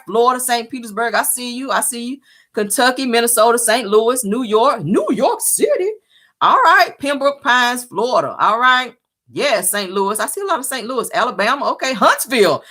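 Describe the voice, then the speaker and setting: A woman hosting a livestream, giving blunt, sassy advice and reading viewer comments in casual chat. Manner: animated pitch jumps for emphasis. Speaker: livestream host.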